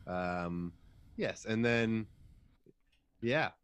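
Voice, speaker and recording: A man's voice: lowish voice, drawn-out words, a bit bright, clear, resonant tone. A man co-hosting a casual podcast, joking and addressing listeners with theatrical asides. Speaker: podcast co-host. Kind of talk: casual chat.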